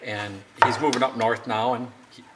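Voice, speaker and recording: A man's voice: medium pitch, fairly even intonation, moderate pace. A young man casually explaining a DIY woodworking project, rambling a bit and joking at his own expense. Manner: rambling, self-deprecating joking. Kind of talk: casual how-to narration. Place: home workshop. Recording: noisy workshop recording. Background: workshop noise, sanding and clicks.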